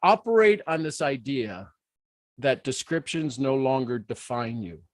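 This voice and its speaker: A middle-aged man hosting a live motivational stream, emotive and exuberant, moving between hushed intensity and excited outbursts. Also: medium pitch, unhurried, dry recording. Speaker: motivational speaker hosting a livestream. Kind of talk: live motivational talk to an online audience.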